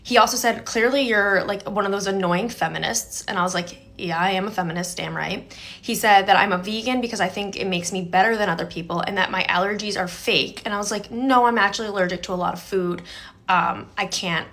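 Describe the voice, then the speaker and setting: A woman's voice: medium pitch, brisk, fairly bright tone. A young woman from New Jersey tells the story of a date gone wrong in a chatty, indignant way. She keeps quoting what she and the man said to each other, in a mid-range voice. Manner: indignant, quotes both sides with "I was like". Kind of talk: casual storytelling video.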